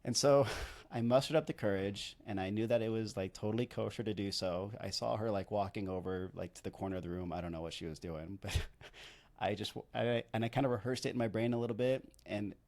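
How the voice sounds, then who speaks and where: Thirtysomething guy telling a podcast story, kinda low voice, rambly and self-deprecating, says like a lot. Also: a little fast, darkish tone. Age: 30s. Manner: rambling, chatty, self-deprecating, heavy use of "like". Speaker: podcast co-host and wedding videographer.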